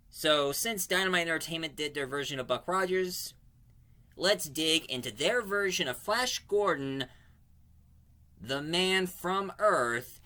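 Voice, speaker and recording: A man's voice: on the high side, sharp tone. A man giving a casual spoken comic book review, rambling and digressive, often stopping to correct himself mid-sentence.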